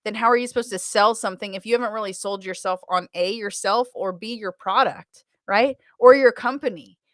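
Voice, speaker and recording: Fairly quick and a bit bright, her mid-range voice comes through in echo-free studio quality. The speaker is an American automotive sales trainer, a guest in a relaxed interview, talking energetically with frequent laughter and restarted sentences.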